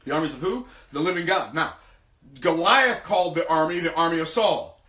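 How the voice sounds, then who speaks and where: A man delivers a sermon, restating old scripture in plain, lively everyday words. His voice sits high and bright, with a forceful edge. The room adds a noticeable echo, and he sounds a little distant from the microphone. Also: moderate pace. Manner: animated, retells scripture in casual everyday talk. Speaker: preacher teaching on business and faith.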